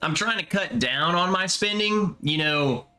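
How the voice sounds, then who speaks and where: A young man hosting a casual livestream, tasting bourbon and chatting as he reads viewer comments, relaxed and musing. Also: high-pitched, a little slow, soft background music. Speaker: livestream host. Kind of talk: casual live chat reading comments.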